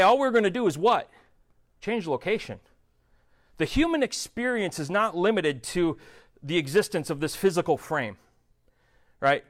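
Animated casual male preacher. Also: on the high side. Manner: animated, conversational, jokey asides between scripture readings. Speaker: pastor. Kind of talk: casual expository sermon.

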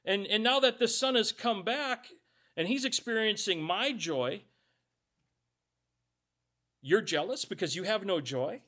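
A man's voice: sits high, animated, measured pace, long pauses, bright, forceful tone. A male pastor giving a conversational sermon, reading scripture aloud and adding joking asides.

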